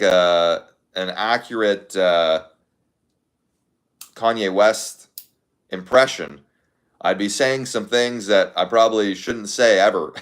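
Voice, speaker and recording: A young man casually chatting to his viewers, thinking aloud in a rambling way with lots of fillers. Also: on the low side. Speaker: content creator.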